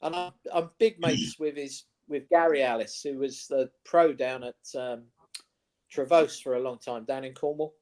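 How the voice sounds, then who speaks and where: Man, sports talk co-host, lively anecdotes, casual. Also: medium pitch, normal speed. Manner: animated anecdote-telling, mimics voices in quotes. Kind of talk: casual chat, storytelling. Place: studio.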